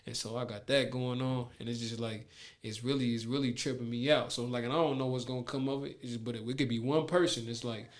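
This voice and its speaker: A man's voice: mid-range voice, fairly even intonation, quick pace. A man talking in a laid-back, rambling way with heavy slang, in a casual conversation on a podcast.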